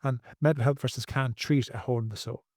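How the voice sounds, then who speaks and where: A man's voice: mid-range voice, fairly even intonation, rapid-fire, a little mellow, no room sound, clean studio sound. A man speaking as a podcast guest, earnest and preachy, repeating phrases for emphasis. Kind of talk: podcast interview.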